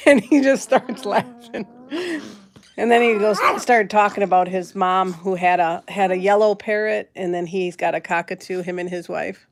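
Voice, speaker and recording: A woman's voice: mid-range voice, normal speed. A woman hosting a casual live stream from home, rambling through a story, laughing often and greeting her viewers. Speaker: host of a pet channel live stream.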